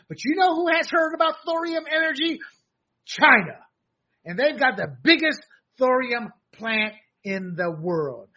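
A man co-hosting a political talk show, animated and sarcastic, often laughing and acting out mocking quotes. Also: extremely high pitch, dull audio. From abroad, a country once under dictators. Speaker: co-host.

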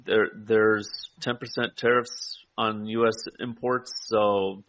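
A man in a casual political chat, talking in a measured, hedging way. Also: lowish voice, little pitch movement, fairly bright tone. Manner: measured, hedging, frequent "I mean" and "right?". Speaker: co-host. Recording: dull lo-fi audio.

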